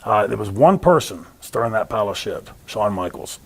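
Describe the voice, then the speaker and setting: A man's voice: lowish voice, moderate pace, breathy edge. A man telling stories in an interview, acting out the voices of the people he quotes. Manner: animated storyteller, acts out quoted voices. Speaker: interview guest. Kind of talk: storytelling interview.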